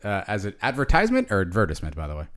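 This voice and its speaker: Guy in his 40s rambling on a podcast, kinda low voice, lots of ums and uhs. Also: racing, fairly bright tone, clean tone. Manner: rambling, with many fillers and restarts. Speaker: podcast co-host. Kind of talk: casual chat.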